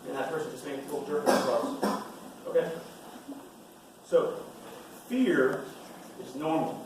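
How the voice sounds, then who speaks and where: A man's voice: mid-range voice, slight background noise. A man giving a motivational talk to students, driving his points home by repeating them. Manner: emphatic, repeats key points. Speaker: retired Navy SEAL speaking to students. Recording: echoey hall from far off.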